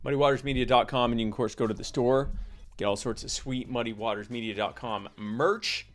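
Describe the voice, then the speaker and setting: A man's voice: medium pitch, fairly quick. A man co-hosting a podcast in casual chat, joking and tossing off mumbled asides. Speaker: podcast co-host.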